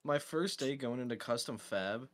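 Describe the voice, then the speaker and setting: A man's voice: mid-range voice, normal speed, noisy background. A man chatting with friends during a game stream, blunt and crude, swearing as he tells a story. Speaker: gaming friend. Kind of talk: casual gaming chat.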